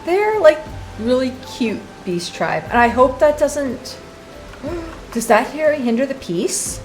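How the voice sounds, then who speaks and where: A woman's voice: high voice, big pitch swings, slow, soft background music. A young woman doing casual let's-play commentary, reacting emotionally to the story with sighs and gasps. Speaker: streamer.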